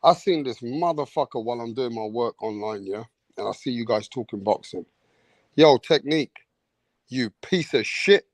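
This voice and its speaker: A man's voice: medium pitch, lively intonation, normal speed, dry recording. A man, hosting a live online show, ranting in an exasperated, profane way and repeating "bro" and "man". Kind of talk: heated live-stream rant.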